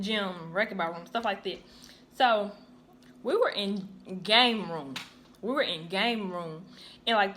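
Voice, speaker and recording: Young woman, casual storyteller, lively delivery, faint background noise. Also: medium pitch. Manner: chatty, animated, acts out quoted voices. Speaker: YouTuber. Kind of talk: casual storytelling while eating.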